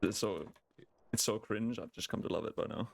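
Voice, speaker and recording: Gravelly low-voiced male speedrunner. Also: fairly quick, noisy background. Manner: casual, explains strategy with fillers. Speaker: speedrunner streamer. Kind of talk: live speedrun commentary. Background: game music.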